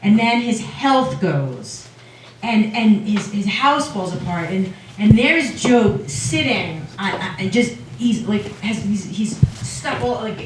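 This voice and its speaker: A woman rabbi giving a casual, lively lecture, retelling a story to an audience. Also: medium pitch, slow pace, a little hiss or hum. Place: lecture room. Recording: echoey hall from far off.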